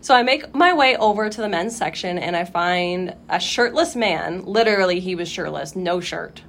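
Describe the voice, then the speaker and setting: A young woman co-hosting a podcast, telling a story in casual chat, animated, swearing freely and acting out her own reactions. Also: on the low side, normal speed, slight background noise. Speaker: podcast co-host.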